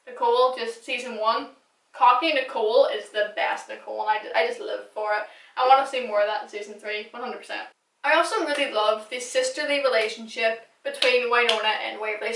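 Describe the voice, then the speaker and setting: A young woman chats her way through a fan recap, gushing and dropping the odd swear word. Her voice is bright and sits a little high. She is heard from a few steps back, in a room with plenty of echo. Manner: gushing, chatty, swears casually. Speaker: recap vlogger. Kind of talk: casual fan recap monologue. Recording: echoey room, distant mic.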